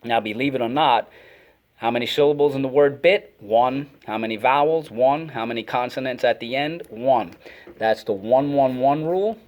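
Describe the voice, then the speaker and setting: A man's voice: mid-range voice, normal speed, a little mellow. A man teaching a phonics lesson to children, energetically calling out words and repeating them for the class to echo.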